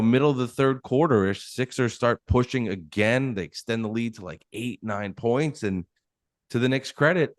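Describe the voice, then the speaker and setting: A man's voice: mid-range voice, dry recording, clean studio sound. A man co-hosting a sports podcast, recapping plays in detail. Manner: explains and recaps plays in detail, with frequent restarts. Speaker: podcast co-host. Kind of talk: casual sports chat.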